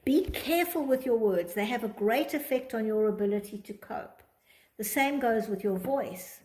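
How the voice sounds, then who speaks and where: A woman's voice: a little high, moderate pace, a little mellow. A woman teaching a Torah psychology class, reading from a text and explaining it, acting out quoted thoughts in different tones. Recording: echoey room.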